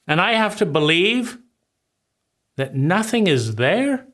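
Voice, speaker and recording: A man's voice: high voice, big pitch swings, slow, pauses often, a bit bright. A man giving an impassioned lecture on trauma, emphatic and sweeping, piling phrase on phrase. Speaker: trauma speaker.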